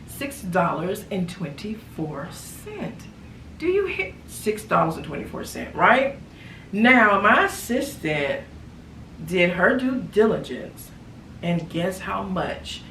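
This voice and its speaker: A woman chatting in a casual haul vlog, animated and repeating phrases for emphasis. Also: lowish voice. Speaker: lifestyle vlogger. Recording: echoey room, far from mic, background noise.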